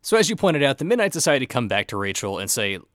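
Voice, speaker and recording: A man's voice: mid-range voice, big pitch swings, fast talker, fairly bright tone, dry recording, clean studio sound. A man co-hosting a casual podcast, recapping a plot with a wry tone. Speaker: podcast co-host. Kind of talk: casual chat recapping a TV show.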